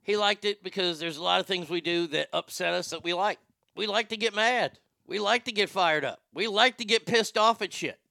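Gravelly, bright-voiced ranting male host. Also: high voice, moderate pace, dry recording, studio quality. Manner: profane, ranting, fired-up storytelling. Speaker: radio show host. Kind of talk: talk show rant.

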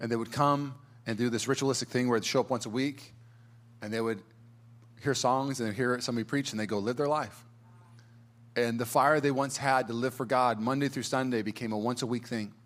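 A man preaching a sermon as pastor, energetic and casual, with many restarts and stammers. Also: mid-range voice, a little fast.

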